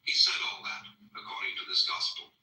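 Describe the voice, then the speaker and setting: A man's voice: fairly quick, bright, forceful tone. A man giving a public lecture to an audience, witty and discursive, telling stories. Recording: roomy hall, mic far off.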